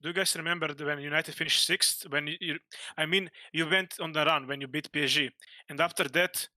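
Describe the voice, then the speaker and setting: A man with a very bright, fairly high voice talking in halting, rambling runs on a football panel. The sound is close and dry. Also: steady tone, dry recording. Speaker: panel guest. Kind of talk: casual chat.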